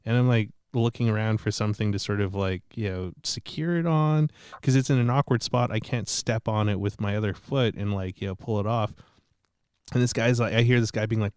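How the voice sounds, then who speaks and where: A man's voice: fairly low pitch, fairly quick, a little mellow, clear, resonant tone, no echo, clean studio sound. A man telling a rambling, profane, self-mocking story in casual podcast chat.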